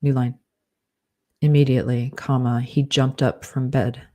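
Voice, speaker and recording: A man's voice: mid-range voice, level tone, measured pace, a little mellow. A man dictating a novel aloud, speaking each comma and period as he goes. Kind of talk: dictation with punctuation spoken aloud.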